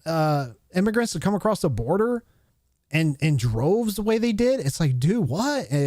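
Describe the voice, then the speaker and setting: Male streamer in his thirties, blunt and profane, fairly high-pitched, recorded dry and close. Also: big pitch swings, moderate pace, darkish tone, no room sound. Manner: rambling and heated, with frequent restarts and fillers. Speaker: live stream host. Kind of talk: casual opinion rant on a live stream.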